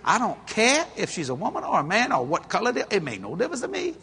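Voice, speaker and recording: A folksy, middle-aged male preacher tells stories from the pulpit. His voice is bright and forceful and swoops up and down with energy. He laughs often at his own tales. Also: high voice, wildly swooping pitch, fast talker. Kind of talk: storytelling sermon.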